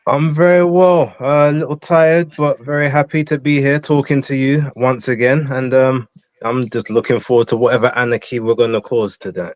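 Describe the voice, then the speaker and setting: A man's voice: medium pitch, fairly even intonation, normal speed, no echo. A man appearing as a guest on a casual live-stream chat, giving blunt, opinionated takes in a self-assured way. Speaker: guest boxing commentator. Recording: dull, dry lo-fi audio.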